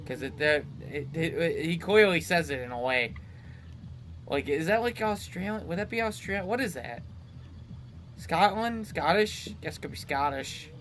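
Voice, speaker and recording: A young man commentating gameplay in a loose, teasing way, often breaking into laughs. His voice sits a bit high for a man, with a faint hum in the background. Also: animated, normal speed, fairly bright tone. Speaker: let's play host.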